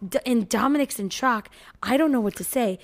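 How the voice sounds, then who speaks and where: A woman's voice: fairly high pitch, brisk. Chatty swearing woman. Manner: swears freely, animated retelling of stories. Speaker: podcast co-host. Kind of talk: casual chat.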